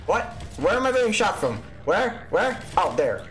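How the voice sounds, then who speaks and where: Man, let's play host, gaming commentary, profane, joking, high voice. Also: sing-song, takes it slowly, fairly bright tone, soft background music.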